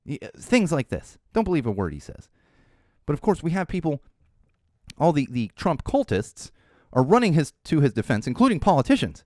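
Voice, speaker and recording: A man hosting a podcast, giving opinionated political commentary in an animated, ranting way and swearing freely. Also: mid-range voice, moderate pace, no room sound, clean studio sound. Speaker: podcast host.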